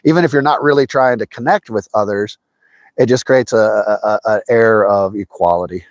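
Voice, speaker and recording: A man on the low side of pitch streams live from a trout stream, speaking at normal speed with no echo. He's chatty, welcomes viewers by name, and turns excitable when he gets a bite.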